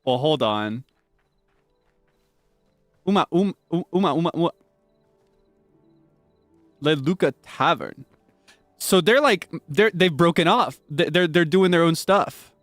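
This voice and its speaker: A man streaming live gameplay commentary, excitable and chatty, laughing often and swinging between hushed asides and high squeals of delight. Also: takes it slowly, long pauses, dry recording, faint music behind.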